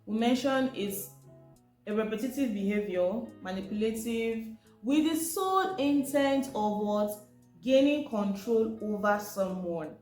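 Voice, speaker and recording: A woman gives an informal, chatty teaching talk in a slightly high voice with a darkish tone, expressive and unhurried. She asks rhetorical questions as faint music plays in an echoey room.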